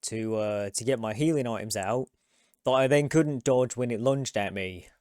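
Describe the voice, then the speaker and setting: A man's voice: medium pitch, moderate pace, darkish tone, clean tone, dry recording, studio quality. A man from the United States streaming a game with casual, rambling commentary and frequent swearing. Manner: chatty, rambling, swears freely.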